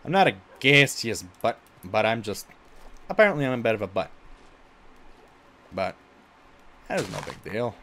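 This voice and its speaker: A man's voice: mid-range voice, very animated, normal speed, long pauses, bright, forceful tone, a little hiss or hum. A male streamer chatting casually while he plays a game, exclaiming at it and saying he gets stuck in a put-on voice. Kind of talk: casual gameplay chat.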